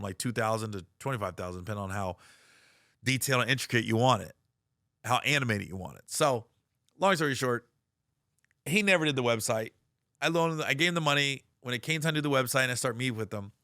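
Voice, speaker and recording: Brief: middle-aged male comedian, bright dry voice, animated storytelling. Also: medium pitch, fast, dry recording. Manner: animated, profane, acts out quoted voices.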